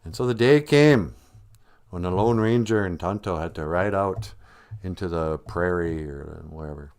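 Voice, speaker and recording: Low-voiced man telling a jokey story. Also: normal speed, darkish tone, clean tone. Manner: rambling, jokey, slips into silly voices for characters. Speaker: livestream host. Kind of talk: casual comedic storytelling.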